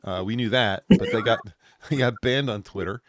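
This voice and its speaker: A man's voice: mid-range voice, normal speed, dry recording. A man hosting a casual political chat stream, rambling with many fillers and restarts and laughing at himself. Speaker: podcast host.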